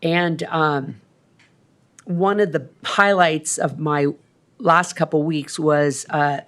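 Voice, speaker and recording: In the council chamber, a city councilwoman in her sixties speaks slowly in a deep, slightly bright voice. Her chatty report wanders along, peppered with ums.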